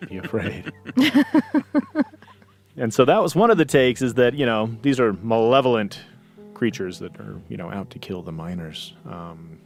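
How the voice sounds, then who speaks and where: A man co-host talks in a casual, easygoing way and laughs often. His voice is low. Faint music sits in the background. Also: animated, measured pace, vocal fry, long pauses. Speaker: podcast co-host. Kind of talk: casual podcast chat.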